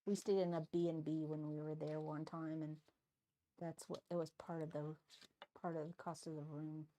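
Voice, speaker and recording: A woman's voice: low-pitched, little pitch movement, normal speed, warm tone, a little hiss or hum. A woman chatting casually with a friend and laughing along. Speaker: friend keeping her company. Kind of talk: casual chat.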